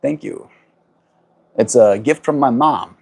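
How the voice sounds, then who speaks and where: A man with a South African accent chatting gently on a livestream, greeting viewers and laughing often. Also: mid-range voice, slow pace, gravelly. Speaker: livestreamer reading chat. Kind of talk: casual livestream chat.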